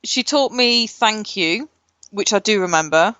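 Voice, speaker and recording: A woman's voice: mid-range voice, animated, a little slow, fairly bright tone, smooth, no room sound, dull audio. A woman co-hosting a casual podcast, rambling with lots of fillers and swearing freely. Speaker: podcast co-host. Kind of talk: casual chat.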